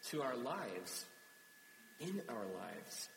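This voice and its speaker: A man with a fairly low voice preaches in a relaxed, conversational way and gets lively when retelling a story. The sound is roomy with a long hall reverb. A steady hum sits under his voice. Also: a little slow. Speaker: pastor. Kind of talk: sermon.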